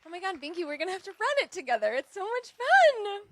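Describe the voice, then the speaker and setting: A woman hosting a live storytelling event, speaking with lively enthusiasm. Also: very high voice, fast, some chatter behind, a little hiss or hum.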